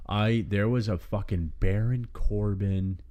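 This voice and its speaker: Deep-voiced profane wrestling podcast host. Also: male voice, steady tone, a little slow, mellow, lo-fi sound. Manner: profane, enthusiastic, rambling. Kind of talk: casual wrestling chat.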